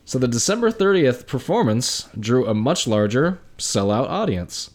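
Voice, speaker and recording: A man's voice: mid-range voice, sing-song, normal speed. A man co-hosting a casual podcast, reading history notes aloud with dry sarcastic asides. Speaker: podcast co-host. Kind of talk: casual conversational storytelling.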